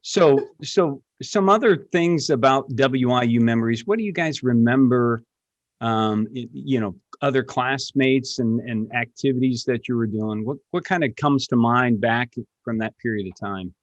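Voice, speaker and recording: A man's voice: mid-range voice, moderate pace, no room sound. A male podcast host asking easygoing questions and agreeing briefly in a casual interview. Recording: dull dry lo-fi recording.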